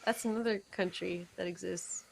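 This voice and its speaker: A woman's voice: on the low side, steady tone, normal speed, creaky, a little hiss or hum. A woman in a roleplay stream, chatting in character and teasing her companion playfully. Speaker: roleplay player.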